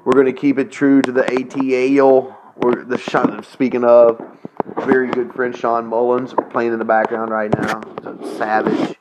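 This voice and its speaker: A man's voice: medium pitch, unhurried, heavy background noise. A man rambling, crude podcast host. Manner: crude, profane, joking, excitable. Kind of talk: rambling solo podcast monologue.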